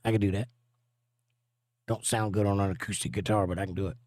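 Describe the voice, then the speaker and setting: A man's voice: lowish voice, steady tone, quick pace, darkish tone, no echo, clean studio sound. A middle-aged man hosting a livestream in casual chat, reading viewer comments aloud and joking with crude banter. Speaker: livestream host and musician.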